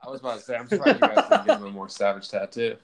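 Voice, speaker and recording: Brief: laid-back man, mid-pitched voice, relaxed podcast banter. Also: a crowd in the background. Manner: laid-back, quick to laugh, short reactions. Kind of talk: casual podcast chat.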